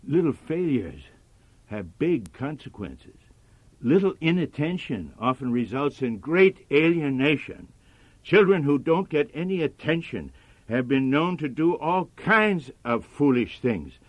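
A man preaching a sermon in a measured, earnest manner. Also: a little high, sing-song, no echo, muffled recording.

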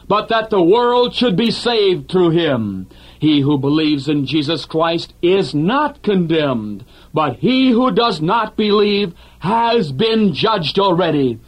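A man delivering a scripted radio sermon in an earnest, measured preaching manner. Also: sits high, poor audio.

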